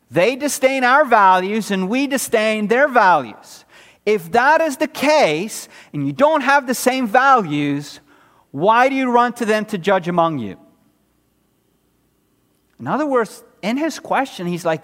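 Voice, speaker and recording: High-voiced preaching man in echoing hall. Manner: expository preaching with sarcastic rhetorical questions; swings between loud emphasis and low quiet drops. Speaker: pastor. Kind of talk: sermon.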